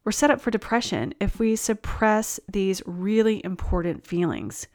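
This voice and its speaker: A woman wellness host talking straight to her viewers, upbeat and reassuring. Her voice sits at an ordinary middle pitch for a woman. She slips light laughs in between her points. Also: expressive, normal speed, a little mellow. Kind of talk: encouraging talk to camera.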